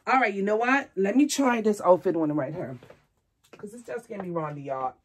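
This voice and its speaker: A woman's voice: mid-range voice, animated, brisk, husky. A woman hosting a doll hobby vlog, chatting casually to viewers from home and talking to her dolls. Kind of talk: casual chat to camera.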